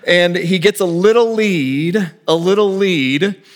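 A man preaching a sermon as a pastor. He tells a story with lively animation, acting out dialogue and swinging between loud and hushed delivery. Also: high-pitched, slow pace.

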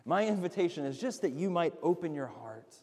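A male pastor preaching an earnest sermon, swinging between loud emphatic lines and hushed, slow drops. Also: on the high side, lively intonation, in a large hall.

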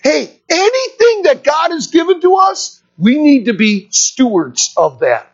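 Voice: high-pitched, sing-song, measured pace. A pastor preaching a sermon, telling a story and putting rhetorical questions to the congregation. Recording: dull lo-fi recording.

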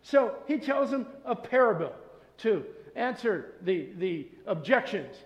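Male pastor, high voice, earnest sermon with loud peaks and soft asides, echoey church sanctuary. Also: sing-song, unhurried. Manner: earnest preaching, swinging between loud emphasis and soft asides. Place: church sanctuary with masked congregation.

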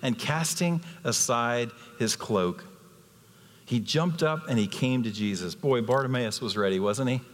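A man preaching a sermon as a guest speaker in a church, animated, acting out the people he quotes. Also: mid-range voice, a little slow, big-room sound. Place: church sanctuary.

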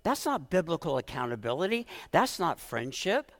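A middle-aged pastor, his voice a touch higher than most men's and a bit bright, delivers a heartfelt sermon at a moderate pace with big swings in pitch. Earnest and emotional, he stumbles into restarts as he presses his point, and a long reverb from the church hall trails his words.

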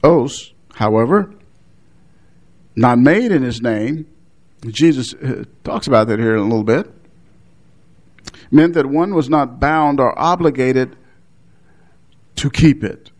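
A man's voice: medium pitch, lively intonation, slow pace, long pauses, a little mellow. A man preaching an expository sermon, explaining a Bible passage with frequent restarts and short laughs.

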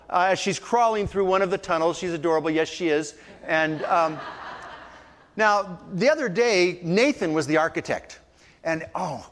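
Older male preacher with a high voice. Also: big-room sound. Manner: storytelling, acts out voices in quotes. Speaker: pastor. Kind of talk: sermon.

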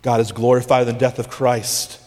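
Emphatic preacher in a reverberant hall. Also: male voice, mid-range voice, level tone. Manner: emphatic and intense, with dramatic pauses and sudden hushes. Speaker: pastor. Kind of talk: sermon.

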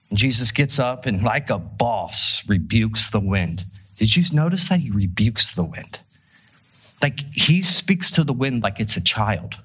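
Bright, husky-voiced preacher man. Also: fairly low pitch, unhurried. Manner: casual, animated storytelling with rhetorical questions. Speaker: pastor. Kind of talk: conversational sermon.

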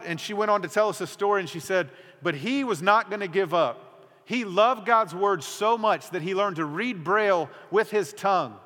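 Male pastor, slightly high voice, earnest sermon delivery, echoing sanctuary. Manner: earnest, dramatic drops to a hushed voice. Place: church sanctuary. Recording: long hall reverb.

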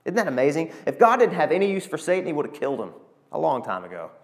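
A man, preaching a sermon and telling stories with animated, emotional delivery. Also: fairly high pitch, fast. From Arkansas, USA. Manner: animated storytelling preacher, emotional, calls to the congregation. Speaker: pastor.

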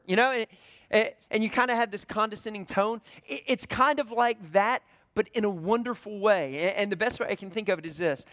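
High-voiced Southern man preaching. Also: a little fast, fairly bright tone, no room sound, studio quality. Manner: conversational, storytelling with acted-out dialogue. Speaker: pastor. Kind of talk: sermon.

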